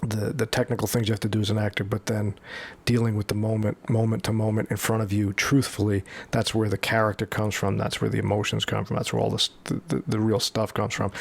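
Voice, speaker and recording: A man's voice: on the low side, gravelly. A male host interviewing a guest, reflecting aloud and often restarting his phrases. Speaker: podcast host. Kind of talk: interview conversation.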